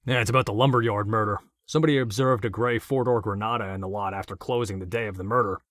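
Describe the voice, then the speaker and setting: A man voicing a relaxed, chatty male patrol officer. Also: on the low side, fast, no echo, studio quality, lightly acted. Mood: casual. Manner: casual, easygoing.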